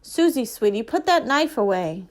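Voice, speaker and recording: A woman reading aloud and voicing a calm, quiet, tired father in a storybook, speaking gently. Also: a little high, normal speed. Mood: gentle. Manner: soft and gentle.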